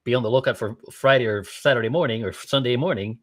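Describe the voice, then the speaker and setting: A man's voice: medium pitch, fast talker. A man being interviewed as a guest, talking in a casual, enthusiastic and rambling way, often breaking off and asking "right?". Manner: enthusiastic, rambling, with many restarts and "right?" tags. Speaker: podcast guest, skydiver and ham radio operator.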